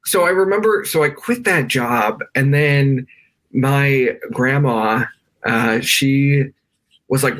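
A man's voice: mid-range voice, measured pace, fairly bright tone. A man from the United States, a guest on a podcast, tells his story in a loose, conversational way that is full of "like" and restarts. He is speaking from his bedroom over a video call. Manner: emotional, many fillers and restarts.

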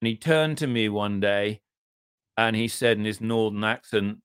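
A middle-aged man from southern England with an English accent, a podcast guest telling long, self-deprecating anecdotes in casual conversation and often clearing his throat. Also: lowish voice, moderate pace, a bit bright, dry recording, clean studio sound. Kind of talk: casual interview storytelling.

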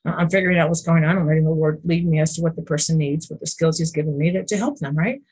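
A woman's voice: low-pitched, fast talker, a little mellow, husky. A woman guest on a podcast interview who tells earnest, faith-based stories, often restarting and asking rhetorical questions. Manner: faith-based, speaks of God and the Lord. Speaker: guest, emotion code practitioner.

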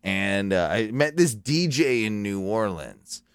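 A man hosting a casual podcast from home, rambling and excitable, often stopping and restarting. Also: on the low side, slow pace, clear, resonant tone, no room sound, studio quality. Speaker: podcast host. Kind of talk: casual chat.

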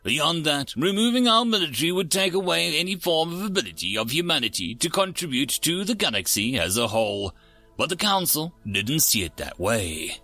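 A man narrating science fiction stories in a scripted reading, with an expressive delivery. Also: a little high, moderate pace, no room sound, soft background music. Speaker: story narrator. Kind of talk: scripted sci-fi story narration.

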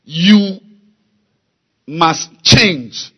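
A man preaching a sermon, slow and emphatic, repeating key words and building to loud exhortation. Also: a little high, animated, husky, dull audio. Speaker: pastor.

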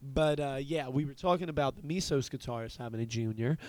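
A man's voice: mid-range voice, fairly quick, a little mellow, no echo. A man in his thirties hosting a podcast, telling a rambling, profane story in casual chat. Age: 30s. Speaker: podcast host.

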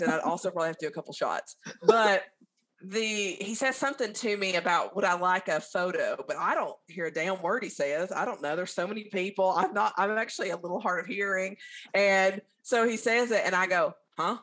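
A woman's voice: medium pitch, brisk. A woman from the American South with a Southern accent, telling stories as a guest in a casual interview. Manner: chatty, animated storyteller.

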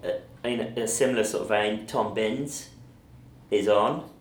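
Male guest, very deep voice, roomy room with light noise. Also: measured pace. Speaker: radio guest. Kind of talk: casual chat.

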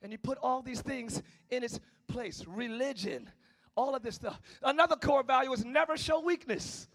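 A male pastor preaching a sermon in church, swinging between shouted lines and low, quiet passages. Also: moderate pace. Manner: preaching with call-outs, shifting between shouting and low tones. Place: church sanctuary.

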